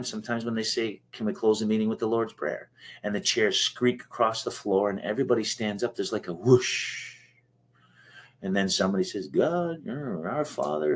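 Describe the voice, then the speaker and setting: A man from Canada giving an earnest, emotional personal share at a recovery meeting, restarting his sentences often. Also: fairly low pitch. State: choked up.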